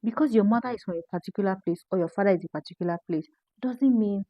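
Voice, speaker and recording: A woman's voice: mid-range voice, fast, no echo, highs cut off. Emphatic Nigerian woman lecturing. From northern Nigeria. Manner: emphatic, lecturing, repeats points. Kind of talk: social media commentary.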